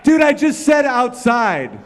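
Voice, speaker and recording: A man doing loud, profane crowd work at a piano, teasing someone in a bar. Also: very high-pitched, sing-song, takes it slowly. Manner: loud, brash and profane, teasing an audience member. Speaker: comedian at the piano. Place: bar or club room. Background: faint piano.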